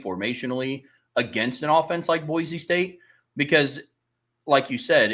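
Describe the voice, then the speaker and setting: A man co-hosting a sports podcast thinks aloud, weighing both sides of the question in casual talk. His voice sits a little low but has a bright, forward edge, and his speech is full of small restarts. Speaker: podcast co-host.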